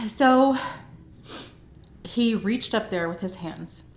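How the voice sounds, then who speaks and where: Woman vlogger, animated casual storyteller, recorded in a roomy space. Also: on the high side, drawn-out words. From Texas. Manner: chatty and dramatic, acts out quoted people. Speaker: food vlogger telling a birth story. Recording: roomy echo.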